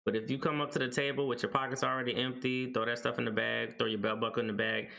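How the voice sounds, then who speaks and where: A man with a gravelly edge and a bright, tense tone, explaining things step by step in casual podcast chat. He speaks, sitting at a middle pitch. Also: level tone, fast. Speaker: podcast guest, airport security worker.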